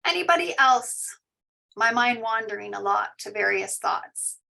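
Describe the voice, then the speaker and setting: Mindfulness teacher, woman, higher bright voice, soft soothing delivery over a video call. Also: animated, gravelly. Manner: soft, slow and soothing, reads out participants' shares. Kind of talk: guided meditation and parent info session. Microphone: online video call.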